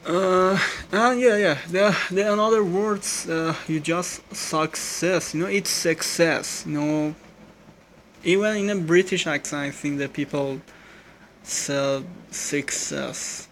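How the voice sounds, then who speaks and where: Man, informal feedback giver, non-native English phrasing, unhurried, halting, constant self-corrections, faint noise behind. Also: sits high, a bit bright, poor audio. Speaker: listener giving speaking feedback. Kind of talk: casual recorded voice feedback.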